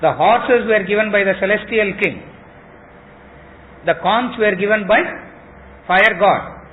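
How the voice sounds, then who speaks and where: A man's voice: sits high, a little slow. A man teaching a scripture class, repeating his phrases and quizzing listeners with rhetorical questions. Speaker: spiritual teacher. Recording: tinny phone-like lo-fi recording with faint noise.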